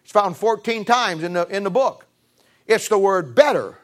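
A man preaching a sermon with emphatic, repeated phrases, swinging from raised peaks to low drops. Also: animated, normal speed. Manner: emphatic, rising to high-pitched emphasis and dropping low.

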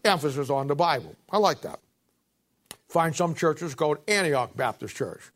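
A man preaching as pastor, swelling and slowing to read scripture, then falling back into chatty asides, clearing his throat now and then. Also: a little high, lively intonation, a bit bright. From Ohio, United States. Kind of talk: sermon.

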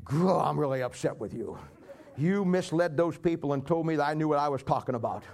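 Preacher voicing an outraged, scolding male God in a sarcastic bit, slightly high-pitched. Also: expressive, fairly quick, darkish tone. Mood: mock outrage. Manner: indignant, scolding, mock-outraged.

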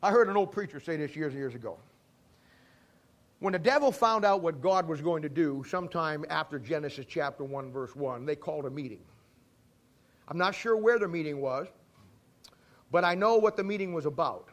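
A man's voice: a little high, expressive, normal speed, long pauses. A man preaching a sermon in a folksy storytelling way, acting out little dialogues. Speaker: pastor.

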